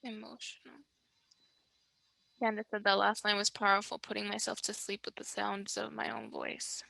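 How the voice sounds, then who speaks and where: A woman's voice: mid-range voice, monotone, brisk, gravelly, bright, forceful tone, no echo. A woman facilitating an online workshop, reading participants' names and quoted phrases aloud one by one. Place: online video session. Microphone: video call.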